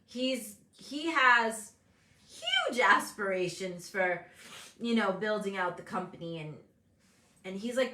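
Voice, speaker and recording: In a roomy-sounding space, the motivational talk show host and business coach speaks slowly in a mid-range, sing-song, sharp-toned voice. She stays candid and animated, imitating the people she quotes.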